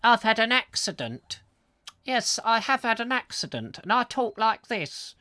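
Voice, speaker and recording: A man doing an impression of a comedian with a thin, high-pitched, whiny voice. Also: very animated, unhurried, sharp tone, no echo, clean studio sound, exaggerated voice. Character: impression of a squeaky comic man, feeble and whiny.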